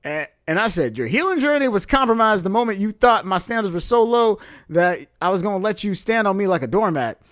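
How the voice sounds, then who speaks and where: Animated man telling a story with lots of laughs. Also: high voice, a little fast, few pauses, no room sound, clean studio sound. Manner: animated, laughs often, acts out quotes. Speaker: podcast co-host. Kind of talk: casual storytelling chat.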